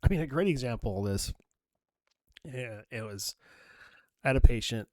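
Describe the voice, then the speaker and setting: Man, middle-aged, nurse, casual podcast storytelling, swears a lot, mid-pitched voice, dry room. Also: normal speed, dry recording. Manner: animated storyteller, swears freely, acts out quoted dialogue.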